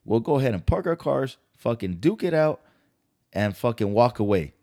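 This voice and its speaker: A man's voice: mid-range voice, very animated, normal speed, dark tone. A man hosting a podcast, ranting in a casual, heated and profane way. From California. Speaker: podcast host. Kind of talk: casual commentary.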